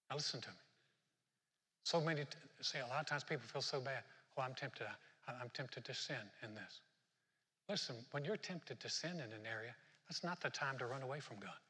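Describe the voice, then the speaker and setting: Guy preaching a sermon, bright husky voice, big echoey hall. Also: mid-range voice. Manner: fervent, talks straight to the congregation. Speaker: pastor.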